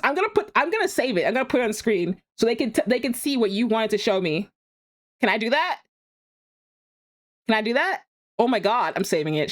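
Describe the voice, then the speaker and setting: A young woman streaming a game, chatting casually and animatedly, laughing often and talking to herself. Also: on the high side. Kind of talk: casual live-stream chat.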